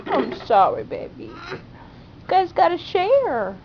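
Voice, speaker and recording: A woman's voice: extremely high pitch, very animated, slow. A mother playfully teasing her young kids at home, recorded on a home video camera. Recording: dull lo-fi camcorder audio with faint hiss.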